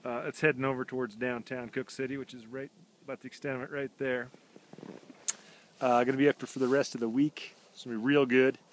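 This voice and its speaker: A man hosting a rambling walk-around video diary, talking in a laid-back, slangy, deadpan way with plenty of fillers, recorded outdoors in snowy woods on a handheld camera. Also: mid-range voice, a little fast, a little hiss or hum. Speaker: vlog host.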